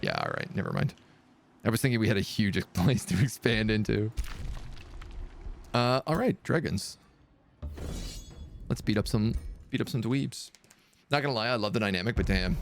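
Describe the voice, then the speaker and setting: A man with a low, gravelly voice talks through a strategy game as a live streamer. He rambles casually between moves and laughs often. Soft game music plays underneath. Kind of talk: live gameplay commentary and storytelling.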